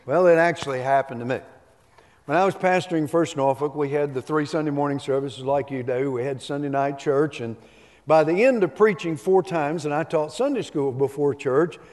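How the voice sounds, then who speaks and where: A man's voice: fairly high pitch, darkish tone. A middle-aged male pastor delivering a sermon, telling stories in a folksy, humorous way. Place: church sanctuary. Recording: long hall reverb.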